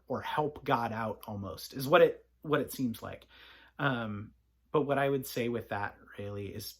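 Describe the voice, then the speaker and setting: A father giving a gentle, reflective bedtime Bible reading and talk to his child. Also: medium pitch, breathy edge. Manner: soft-spoken, gentle, reflective.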